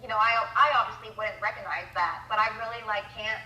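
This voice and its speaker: A woman from Ohio, a guest in a casual podcast chat, answering in quick, chatty replies. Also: medium pitch, bright, forceful tone. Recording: roomy echo.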